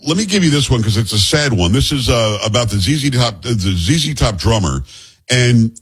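A man's voice: mid-range voice, expressive, normal speed, slightly rough. A middle-aged man hosting a radio talk show, chatty and joking with his co-host. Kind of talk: casual radio banter.

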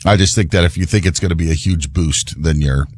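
A man on a sports talk show, giving his take in a measured, level-headed way. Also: rumbling low, dry recording, studio quality.

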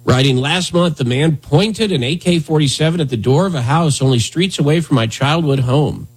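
A man's voice: fairly high pitch, moderate pace, breathy edge. A man hosting a talk radio show, riffing in a sarcastic, rambling, mock-indignant way. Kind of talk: casual comedic talk radio banter.

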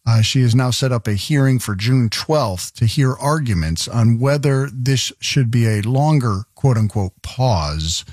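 Male talk host, sardonic and rambling, dry close mic, mid-pitched. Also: animated, unhurried, few pauses, a little mellow, husky, no room sound. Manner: rambling, sarcastic, exasperated asides. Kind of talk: news commentary monologue.

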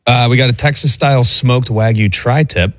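A man's voice: medium pitch, normal speed, no echo, studio quality. A man on a sports radio crew, easygoing, reading out a menu in casual chat. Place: radio studio.

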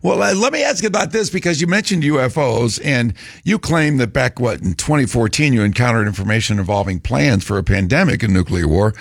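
Husky low radio host guy chatting with a guest, dry sound. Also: lively intonation, a little fast, few pauses, dry recording. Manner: conversational, with fillers. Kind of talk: talk radio interview.

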